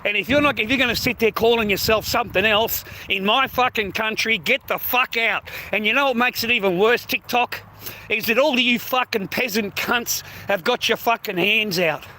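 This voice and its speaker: A man's voice: high voice, normal speed, bright, forceful tone, slight background noise. An Australian man delivering an angry, profanity-heavy ranting monologue full of slang. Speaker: social media poster.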